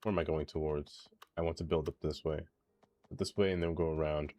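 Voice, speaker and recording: A man's voice: extremely low pitch, steady tone, brisk, warm tone. A man live-streaming a city-building game, chatting casually and reading chat aloud, ranting animatedly and laughing often.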